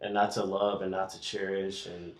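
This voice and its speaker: A man in a casual conversation who talks quickly and agreeably, often affirming the other speaker. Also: low voice, level tone. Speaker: podcast conversation participant. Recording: echoey room, mic at a distance.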